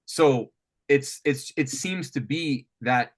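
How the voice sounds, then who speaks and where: A man coaching a student on writing guitar riffs, thinking aloud with lots of restarts and animated talk. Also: medium pitch, slow pace. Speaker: music coach. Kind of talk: teaching songwriting on a call. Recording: faint guitar music behind.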